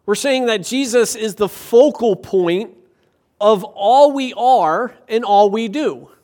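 High-voiced male pastor preaching. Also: takes it slowly, a little mellow. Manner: asks the congregation rhetorical questions; tells anecdotes with light humor. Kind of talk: sermon.

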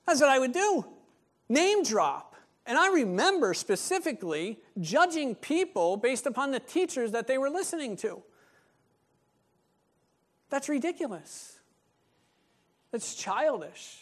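A man, a pastor, preaching a sermon in a lively manner and acting out what members of the church might say. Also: very high-pitched, measured pace, pauses often. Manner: animated, acts out voices of church members.

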